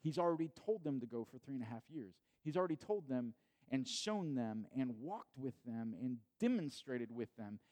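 A male pastor giving a sermon from home, talking in a relaxed, conversational way with restarts and repeated phrases. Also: mid-range voice, moderate pace. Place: at home during quarantine.

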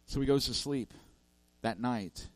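A preacher with a mid-range voice tells a parable at a slightly slow pace, captured in a dry recording. His sermon storytelling relies on forceful, repeated lists and frequent restarts.

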